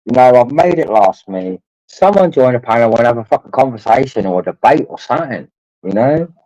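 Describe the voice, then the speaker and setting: Warm in tone and fairly quick, a man with an expressive mid-range voice chats with his livestream audience while drinking. He's rambling and crude, curses often, and calls the viewers his lads, all in a dry recording with dull lo-fi stream audio.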